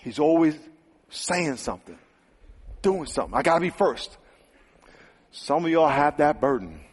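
A man preaching a lively sermon to a young audience, acting out quotes and dropping to near whispers for emphasis. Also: on the high side, normal speed, husky. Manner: animated, acts out quotes, swings loud and quiet. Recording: hall reverb.

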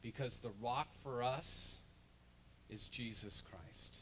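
A man, a pastor, preaching a lively sermon in a church and acting out the voices of people in the story. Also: mid-range voice, takes it slowly, slight background noise, poor audio. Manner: animated storytelling, acts out crowd voices. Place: church sanctuary.

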